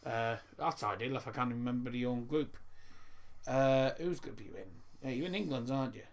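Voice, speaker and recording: A man's voice: medium pitch, fairly quick. A young man, hosting a casual live football stream and rambling through stories and viewer messages with lots of restarts. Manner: rambling, stumbles and repeats words.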